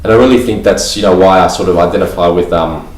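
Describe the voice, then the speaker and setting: Rambling low-voiced man in an echoey room. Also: fast talker. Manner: rambling, heavy fillers like "you know" and "like". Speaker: vlogger. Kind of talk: casual talk to camera. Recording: echoey room, voice a bit far from mic.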